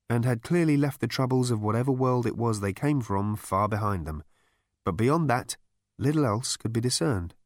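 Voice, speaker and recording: A man narrating an audiobook with wry, dry wit. His mid-pitched voice moves with lively range, and the recording is close and dry. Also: no room sound. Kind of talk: scripted narration.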